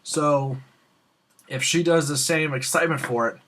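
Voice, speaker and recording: A young man hosting a casual Q&A show, telling a rambling, excitable story and acting out the lines of the people in it. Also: fairly high pitch, measured pace. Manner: excitable, rambling, acts out quoted dialogue. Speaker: host of a Q&A show.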